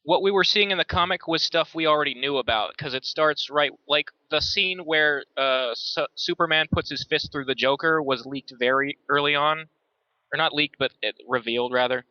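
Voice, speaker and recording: A man's voice: a little high, moderate pace, no echo. American man, casual podcast talk, dry lo-fi mic. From United States. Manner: thoughtful, restarts sentences, many "like"s. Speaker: podcast co-host. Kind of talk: casual chat.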